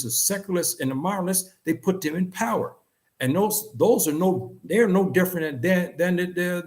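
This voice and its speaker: Earnest man giving a religious lesson. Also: a little high. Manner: earnest, repetitive, rising to animated emphasis. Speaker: Islamic teacher. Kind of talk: religious lecture.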